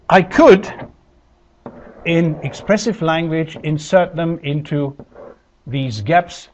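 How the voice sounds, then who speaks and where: A man giving a measured, explanatory linguistics lecture, with deliberate pauses. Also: fairly high pitch, slight background noise. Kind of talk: recorded university lecture. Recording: dull lo-fi lecture recording.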